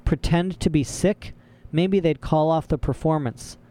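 A man's voice: fairly high pitch, unhurried, mellow, voice pushed up, natural voice. A man doing an anxious, clever young boy. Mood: urgent.

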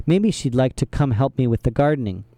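A man's voice: medium pitch, animated, fairly quick, dark tone, dry recording, natural voice. A man voicing a cheerful, stage-struck woman judge who talks in an eager, gushing way.

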